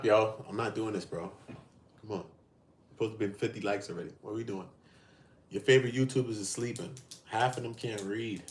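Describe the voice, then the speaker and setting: A man hosting a casual livestream, talking in heavy street slang, cursing, preaching and addressing his chat directly. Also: fairly low pitch. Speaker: livestream host.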